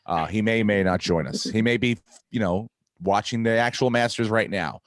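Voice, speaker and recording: Lowish-voiced man telling a profane story. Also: normal speed, no room sound. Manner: profane, animated, acts out dialogue. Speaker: podcast host. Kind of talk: casual comedic storytelling.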